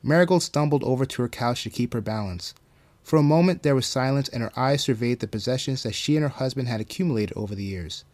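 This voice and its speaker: Calm male horror story narrator. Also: medium pitch, quick pace.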